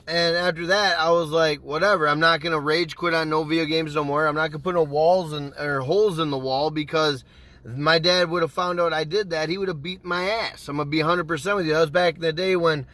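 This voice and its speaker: A man with a high, bright voice spins a casual story to his viewers, animated and swearing freely as he acts out his own past lines. The sound is close and dry, with no room around it. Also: brisk, no echo. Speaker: gaming YouTuber.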